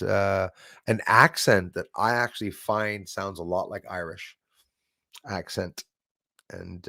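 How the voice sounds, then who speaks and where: Gravelly man hosting a live stream. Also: fairly low pitch, fairly bright tone, no room sound, clean studio sound. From Canada. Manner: jokey, rambling, with many fillers and restarts. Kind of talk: casual live-stream chat reading viewer comments.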